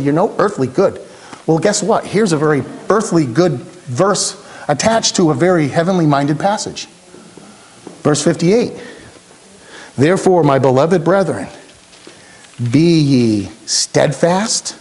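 A male pastor delivering a sermon in a church, dropping low and slow on key words and rising to urgent questions. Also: darkish tone.

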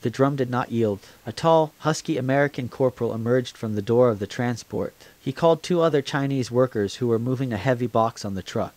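A man narrating a memoir audiobook in a steady, plain reading voice. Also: medium pitch, brisk, hardly any pauses, dry recording. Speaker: audiobook reader.

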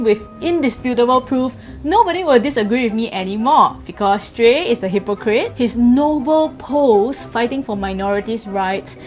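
A young woman delivers her opinions straight to camera, blunt and dryly sarcastic. Her voice sits a little on the high side, with faint music playing softly underneath. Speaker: vlogger. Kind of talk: opinion vlog monologue.

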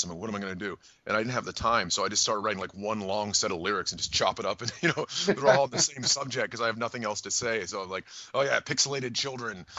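Deep-voiced rambling American man. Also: sharp tone, muffled recording. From United States. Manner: profane, rambling and jokey. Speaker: band frontman. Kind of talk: casual phone interview.

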